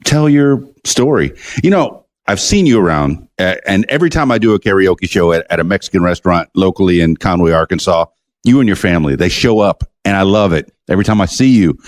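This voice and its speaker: Man, low voice, podcast host, casual interview, chatty, joking, stammering restarts. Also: animated, moderate pace.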